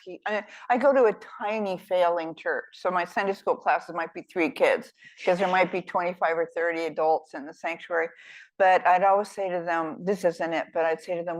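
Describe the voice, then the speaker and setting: On stage as a guest author in a fireside chat, an older woman with a lowish voice tells meandering stories, warm and rambling. She is funny and self-deprecating, often restarting a thought mid-sentence. The audio quality is poor.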